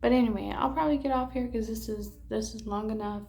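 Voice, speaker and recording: Tired young woman, gravelly rambling chat. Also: fairly high pitch, fairly even intonation, fast talker, warm tone. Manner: rambling, candid, swears, many fillers and restarts. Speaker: vlogger. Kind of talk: casual chat to camera.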